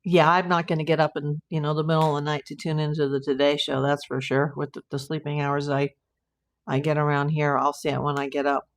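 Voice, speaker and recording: A woman with a fairly low voice hosts a casual live stream from home. She is a private investigator and talks in an easy, chatty way as she answers her viewers' comments aloud. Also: little pitch movement, a little fast.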